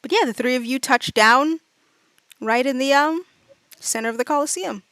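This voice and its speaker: A woman narrating as game master, chatting loosely with lots of fillers and acting out quick bits of her characters. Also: high voice, a bit bright, no room sound. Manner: chatty, many fillers, acts out side characters.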